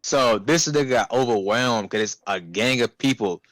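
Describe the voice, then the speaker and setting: A man's voice: mid-range voice, moderate pace, no room sound. Profane young man telling work stories. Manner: profane, animated storytelling with acted-out customer voices. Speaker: podcast co-host. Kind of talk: casual storytelling chat.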